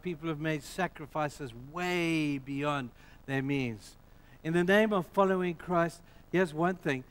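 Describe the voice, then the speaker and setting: A man preaching a sermon in an emphatic, storytelling way with conversational asides. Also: fairly high pitch.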